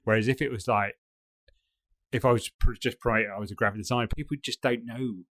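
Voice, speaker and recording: A man's voice: mid-range voice, fairly even intonation, quick pace, fairly bright tone, no room sound, studio quality. A man co-hosting a design podcast in casual chat, hesitant and rambling with many fillers. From United Kingdom. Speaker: podcast co-host.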